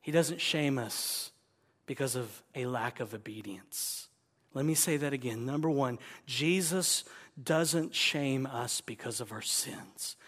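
A man pastor preaching a sermon, dropping to hushed whispers and then rising to loud, emphatic declarations. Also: mid-range voice, slow pace. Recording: long reverb of a large hall.

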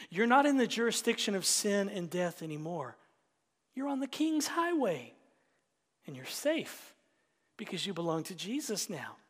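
A male pastor preaching a sermon, dropping to hushed whispers and rising to loud emphatic lines. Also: a little high. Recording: long church reverb.

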